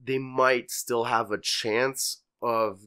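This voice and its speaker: A man's voice: medium pitch, steady tone, slow pace, bright, forceful tone, clean tone. A man co-hosting a casual fan podcast, talking bluntly and offhandedly and swearing casually. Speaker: podcast co-host.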